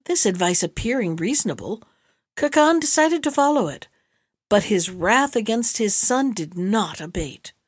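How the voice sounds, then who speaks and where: A woman narrating an audiobook of an old tale in a measured, steady way. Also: medium pitch, no room sound, studio quality. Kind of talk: audiobook reading.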